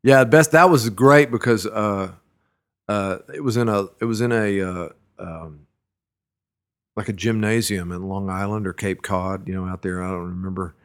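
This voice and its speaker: A man's voice: lowish voice, moderate pace. A middle-aged man, a musician, telling stories from his touring days in a loose, rambling way, full of fillers and restarts. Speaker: musician recalling his career. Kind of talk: casual storytelling interview.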